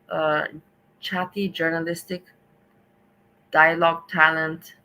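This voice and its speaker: Bright-voiced woman ranting on stream. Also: on the low side, low-quality recording. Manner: rambling, sarcastic, exasperated. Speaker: stream host. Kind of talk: commentary.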